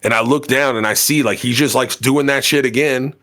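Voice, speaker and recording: A man's voice: medium pitch, steady tone, a little fast, a bit bright. A man co-hosting a podcast, telling a story in casual chat, rambling and full of fillers and swearing. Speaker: podcast co-host.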